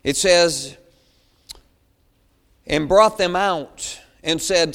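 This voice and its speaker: High-pitched preacher guy, pleading, big church echo. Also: extremely slow, pauses often, fairly bright tone. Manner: preaching with rising intensity, pleading. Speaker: pastor. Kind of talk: sermon.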